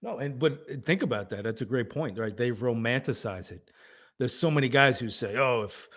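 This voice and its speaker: A man's voice: medium pitch, lively intonation, moderate pace, fairly bright tone. A man co-hosting a fatherhood podcast, making his points emphatically in casual talk, swearing and asking "right?". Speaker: podcast co-host.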